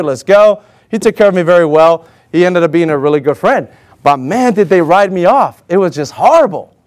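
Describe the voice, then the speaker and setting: A man telling a personal story to an audience in an animated way, acting out what other people said. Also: high voice. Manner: animated, acts out other people's lines in raised voices. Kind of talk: personal anecdote told to an audience.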